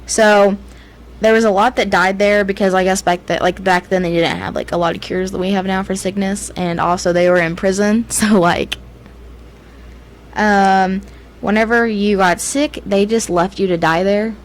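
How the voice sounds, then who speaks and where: Woman, podcast co-host, casual chat, ghost stories, lots of fillers, middle pitch, faint background hiss. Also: fairly even intonation, moderate pace, rough recording. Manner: loose and chatty, many fillers and laughs.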